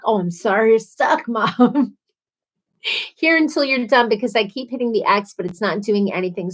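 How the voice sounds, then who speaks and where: A woman's voice: mid-range voice, a bit bright, poor audio. A woman hosting a casual livestream, reading viewer comments aloud and chatting in a bubbly, chatty way. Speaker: livestream host.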